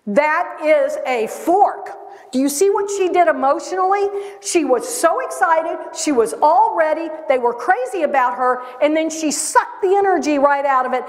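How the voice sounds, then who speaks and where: Woman speaker, high voice, emphatic motivational delivery, echoey hall sound. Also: normal speed. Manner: energetic, emphatic, repeats key phrases. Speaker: conference speaker. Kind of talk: motivational presentation. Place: conference hall.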